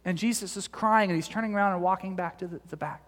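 A high-pitched male pastor moves at a quick pace through a sermon in a large hall. He recounts stories with animation, stumbles over fillers and restarts, and kids around gently with his listeners.

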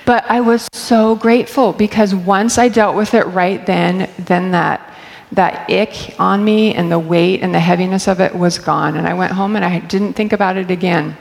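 Chatty woman, gravelly low voice, hall echo. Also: steady tone, normal speed. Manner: candid, chatty, laughs often. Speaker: church staff member speaking. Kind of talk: personal storytelling talk. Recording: long hall reverb.

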